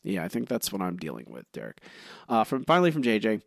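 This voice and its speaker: A man co-hosting a podcast in casual chat, reading listener reviews aloud with self-deprecating asides and halting restarts. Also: lowish voice, huge pitch swings, vocal fry, dry recording, clean studio sound. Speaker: podcast co-host.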